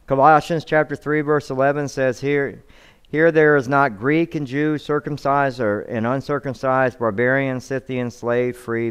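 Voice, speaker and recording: A man's voice: medium pitch, clear, resonant tone. A male pastor preaching a sermon, reading scripture aloud and often repeating words as he restarts his sentences. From United States.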